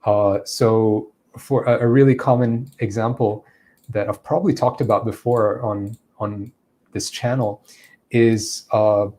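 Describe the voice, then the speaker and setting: Mellow-voiced man answering viewer questions. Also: fairly low pitch, measured pace. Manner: reads viewer questions aloud and repeats them before answering; relaxed, with frequent fillers and restarts. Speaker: English speech coach. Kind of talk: live Q&A.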